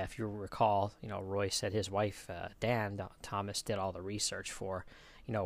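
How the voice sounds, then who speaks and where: A man's voice: lowish voice, vocal fry. A man hosting a podcast, casually reading out listener emails with frequent ums and small chuckles. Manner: relaxed, chuckles often, frequent um and uh. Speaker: podcast host.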